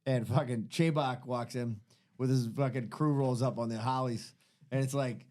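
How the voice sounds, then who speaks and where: A man's voice: mid-range voice, steady tone, normal speed, a little mellow. A man co-hosting a podcast, rambling through profane anecdotes in casual chat. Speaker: podcast co-host.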